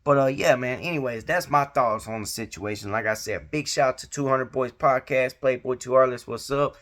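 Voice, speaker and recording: A man's voice: medium pitch, moderate pace, fairly bright tone. Laid-back man vlogging in street slang. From Georgia. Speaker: vlog host giving commentary. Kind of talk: casual commentary vlog.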